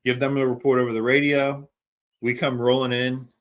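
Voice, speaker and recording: A man's voice: medium pitch, flat delivery, normal speed. A middle-aged man, a paramedic co-hosting a podcast, telling a story in a laid-back, casual way and swearing freely. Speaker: podcast co-host.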